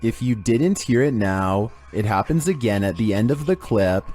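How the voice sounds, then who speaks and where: A man narrating a creepy video countdown in a flat, monotone scripted delivery. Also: fairly low pitch, moderate pace, slight background noise.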